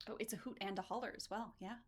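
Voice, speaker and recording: A woman hosts a charity speedrun marathon stream, chatting casually in a bubbly, playful way and giggling often. Her mid-range voice is steady in tone and very fast.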